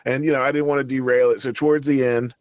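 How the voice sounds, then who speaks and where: A man's voice: medium pitch, little pitch movement, fast, a little mellow, no room sound. A man telling a story in casual chat, profane and heated, often laughing through his words. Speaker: show regular.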